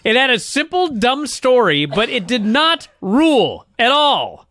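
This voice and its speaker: A man with a high, lively voice, ranting and swearing his way through a casual chat. His tone swings up and down as he complains. The sound is close and dry. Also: measured pace, dry recording. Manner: profane, exasperated ranting. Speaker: podcast co-host.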